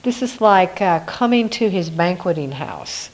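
A woman giving a reflective devotional Bible teaching, musing aloud with soft laughs. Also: on the low side, lively intonation, unhurried, rough recording.

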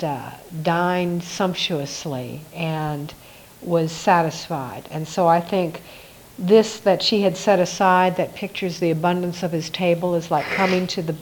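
A woman giving a reflective devotional Bible teaching, musing aloud with soft laughs. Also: lowish voice, a little hiss or hum, poor audio.

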